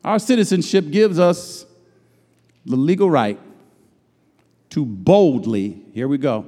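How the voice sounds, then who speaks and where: A pastor preaching a sermon, swinging from loud shouted lines to low murmurs and drawing out his phrases. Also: sing-song, normal speed. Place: church sanctuary. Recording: long hall reverb.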